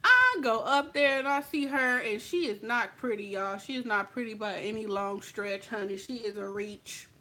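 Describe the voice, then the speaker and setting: Sassy woman vlogger with a high voice, chatting straight to the viewer. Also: expressive, moderate pace, few pauses, pushed and bright. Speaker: makeup vlogger. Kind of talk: casual story time chat.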